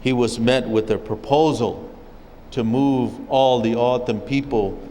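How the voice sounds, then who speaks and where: A man from an O'odham community speaks slowly and deliberately, unhurried in how he tells the history. His mid-pitched voice carries a long reverb from a large legislative chamber. A faint room hum sits behind him. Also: steady tone, warm tone. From O'odham community, Arizona. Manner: measured storytelling, occasional restarts. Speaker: forum speaker. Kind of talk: spoken history talk at a public forum. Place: legislative chamber at a state capitol.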